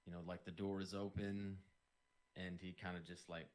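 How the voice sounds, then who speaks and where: A man's voice: low voice, little pitch movement, moderate pace. A man narrating as game master in a tabletop game, describing scenes loosely with lots of "kind of" hedges.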